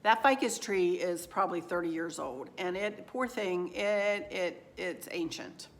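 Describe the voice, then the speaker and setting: A middle-aged woman with a lowish voice shows off home decor finds in a casual shopping haul, speaking at a measured pace. She rambles in a folksy, self-deprecating way, talking straight to viewers, in an echoey room.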